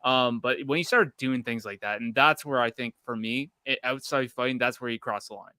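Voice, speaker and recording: A man's voice: mid-range voice, brisk, pushed and bright, smooth, no echo. A man from Canada hosting a casual podcast, rambling in a heated, profane way. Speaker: podcast host.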